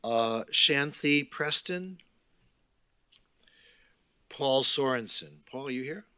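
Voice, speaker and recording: Man chairing a meeting, calls names one by one, slow pace, crisp bright voice, dry close sound. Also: medium pitch, no echo. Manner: unhurried, dry asides between names. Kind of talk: calling speakers at a public meeting.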